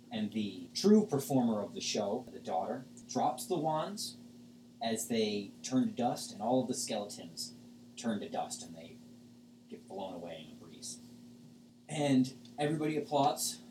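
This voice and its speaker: Narrating a tabletop game as game master, this man rambles casually and leans on many fillers. He has a mid-range voice with a dark tone and a little hiss or hum on the audio. The room echoes and he sits far from the mic.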